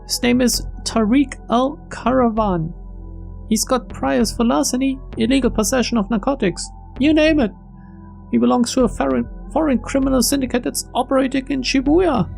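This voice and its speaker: A man voicing a brisk male police commander giving clipped, official orders over the radio. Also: very high-pitched, vocal fry, darkish tone, soft background music, voice pushed up, exaggerated voice, low-quality recording. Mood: briefing.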